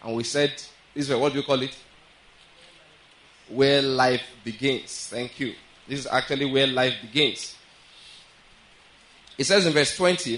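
A man preaching a sermon as pastor. He reads scripture aloud slowly and keeps checking in with his listeners. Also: mid-range voice, fairly bright tone, low-quality recording.

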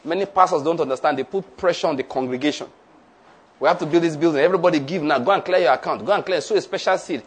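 A man's voice: fairly high pitch, fast, breathy edge. A male preacher delivering a sermon, leading the congregation in repeated declarations. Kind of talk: sermon with call-and-response.

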